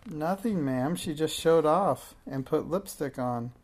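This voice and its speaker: A man reading a storybook aloud and voicing a timid, polite young girl with a squeaky, hesitant voice. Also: measured pace, a little mellow.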